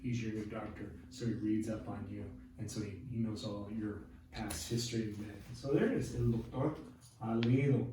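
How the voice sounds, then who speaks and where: A man in middle age teaches a Spanish grammar lesson, calmly walking through each point and pausing to check understanding. He sounds set back from the mic in a very echoey room, with a faint hum of ambience underneath. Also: lowish voice, far from the mic. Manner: patient, explains step by step and checks understanding.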